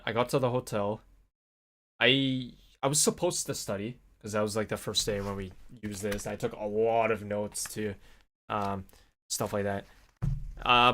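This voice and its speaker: A young adult man vlogs by himself, spinning a long, laid-back story packed with fillers and lively swear-to-God asides. His voice is fairly low, with a faint hiss or hum in the background.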